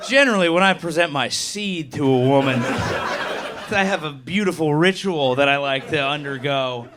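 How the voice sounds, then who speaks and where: Brief: young male stand-up, slightly high voice, live club recording, audience noise behind. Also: normal speed. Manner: crude, animated storytelling with voiced quotes. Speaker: stand-up comedian. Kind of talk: stand-up comedy set. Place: comedy club stage.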